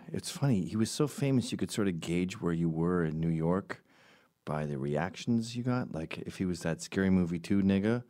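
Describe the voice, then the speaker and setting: Quoting people in loud, high voices, this comedian rambles through a sarcastic comedic monologue punctuated by deadpan asides.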